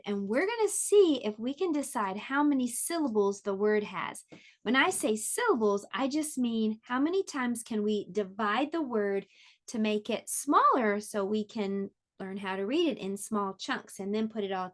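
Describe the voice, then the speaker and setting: A woman teaches an online pre-K lesson, speaking gently and encouragingly while clearly sounding out words for young children. Her voice is a little high and expressive, at a moderate pace.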